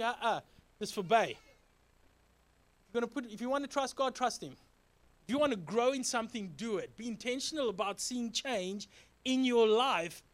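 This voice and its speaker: A man with a notably high voice preaches a sermon in a relaxed, conversational tone. He moves between lively, joking storytelling and earnest, repeated exhortations to his congregation. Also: normal speed. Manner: animated, joking storytelling with sound effects. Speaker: pastor.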